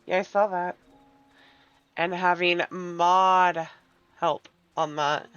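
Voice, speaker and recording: A woman's voice: fairly low pitch, steady tone, slow pace, a bit bright, clear, resonant tone. Giggly woman streamer, muffled audio. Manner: giggly, reads game lines aloud. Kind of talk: casual gaming chat. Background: faint game music.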